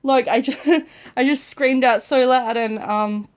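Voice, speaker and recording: A young woman who is sick, telling a casual storytime vlog from bed in a soft-spoken, chatty way with many "like" fillers. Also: high-pitched, slow. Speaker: vlogger. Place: in bed at home.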